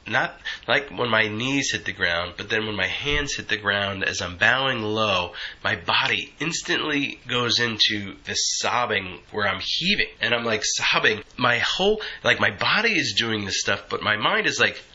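An earnest man speaks about prayer in a loose, conversational way, his voice strongly bright and forward. He talks on a fairly low pitch. The audio is somewhat dull and lo-fi. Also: lively intonation, normal speed, few pauses. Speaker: Christian podcast speaker. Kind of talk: reflective spiritual teaching. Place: home prayer room.

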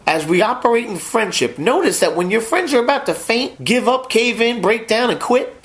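Male pastor, middle-aged, animated sermon delivery, very lively pitch. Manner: animated preaching, swinging between loud emphasis and quiet asides.

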